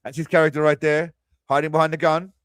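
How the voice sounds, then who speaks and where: A man's voice: on the high side, flat delivery, fast talker, heavy background noise. A man hosting a crude, mocking movie commentary, tossing out quiz-style asides. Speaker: host. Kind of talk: sarcastic movie riffing commentary.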